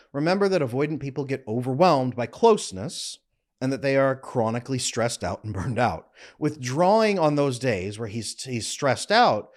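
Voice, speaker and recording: Blunt, emphatic male relationship coach. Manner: emphatic, blunt, animated with frequent pitch jumps. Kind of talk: direct-to-camera advice talk.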